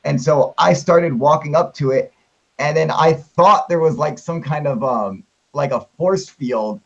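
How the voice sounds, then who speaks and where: A young man with a husky, fairly high voice tells a story on a live stream, excited and rambling, cursing every few words. The audio sounds muffled and lo-fi. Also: a little slow. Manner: excited, heavy swearing, filler-laden rambling. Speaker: show host telling his sighting.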